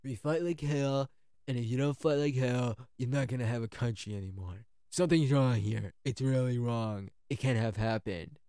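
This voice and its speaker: A man doing a comedic impression of a brash, combative older male politician, loud and emphatic. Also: mid-range voice, clean tone, no room sound, close to an everyday voice. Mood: defiant. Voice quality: exaggerated, deliberately nasty-sounding impression. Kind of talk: comedic impression within a narrated history talk.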